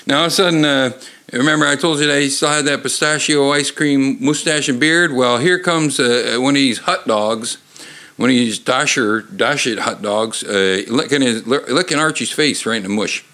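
Halting, joking man in his fifties. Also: mid-range voice, sharp tone. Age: 50s. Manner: joking, halting, lots of fillers. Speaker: picture book reader. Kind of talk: rambling read-aloud with commentary.

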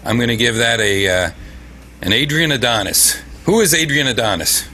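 A man co-hosting a casual podcast chat who hands out mock scores with deadpan, mock-dramatic asides. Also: mid-range voice, moderate pace, a little hiss or hum. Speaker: podcast co-host.

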